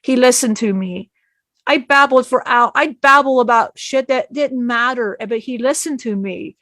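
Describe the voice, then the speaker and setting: A woman's voice: a little high, normal speed, fairly bright tone, no echo. A woman channeling a spirit, telling an emotional personal story in a rambling way, often acting out what others said and laughing.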